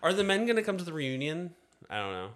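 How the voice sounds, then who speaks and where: A man's voice: on the high side, fast, background noise. A man co-hosting a podcast, chatting about reality TV in a gossipy way. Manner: animated, gossipy. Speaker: podcast co-host. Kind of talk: casual chat.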